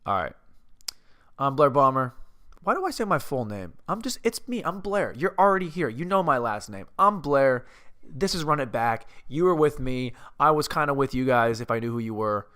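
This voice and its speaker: Rambling, self-mocking comedian host. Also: male voice, medium pitch, big pitch swings, brisk, a bit bright. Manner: rambling, self-mocking, stumbles over words. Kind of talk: comedic movie-review rant.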